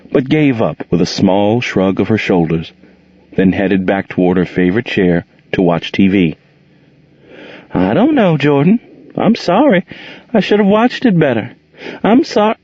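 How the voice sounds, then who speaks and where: Husky, lively male audiobook narrator. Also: sits low, no room sound. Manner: expressive, does character voices. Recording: dull, muffled recording.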